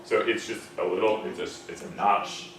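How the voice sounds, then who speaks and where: A man's voice: lowish voice, steady tone, moderate pace. A man with an American accent teaching a diction class, demonstrating words and correcting students' pronunciation. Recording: echoey classroom, distant mic, background noise.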